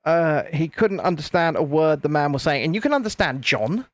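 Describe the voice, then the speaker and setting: Northern English male host, slightly high voice, chatty and teasing. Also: lively intonation, normal speed, dry recording. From Northern England. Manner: chatty, bantering, reads out viewer comments. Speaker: live stream host. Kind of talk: casual live stream chat.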